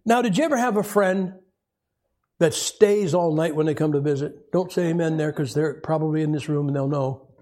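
A man's voice: normal speed, warm tone. A man preaching a sermon in a folksy, conversational way, acting out quoted voices and asking the congregation questions. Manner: folksy, conversational, acts out quotes with rising pitch.

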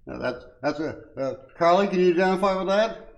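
A man's voice: high-pitched, expressive, a little fast, gravelly, muffled recording. Folksy older man giving a devotion. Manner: folksy, chuckling asides, frequent uh and um; reads scripture aloud with rising emphasis. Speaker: lay speaker at a Bible study. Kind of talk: informal short devotion.

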